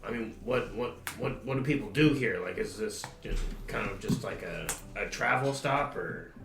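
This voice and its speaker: A man's voice: fairly low pitch, normal speed, creaky. A man playing his character in a tabletop game, talking hesitantly with many restarts. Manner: hesitant, stumbling. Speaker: player. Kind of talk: casual tabletop role-play. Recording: echoey room with music behind.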